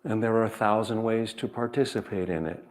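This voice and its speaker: A man, an author, speaking to an audience in a measured, earnest way, telling stories and repeating key phrases. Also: fairly low pitch, fairly even intonation. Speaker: author giving a reading and talk. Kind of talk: reflective storytelling talk to an audience.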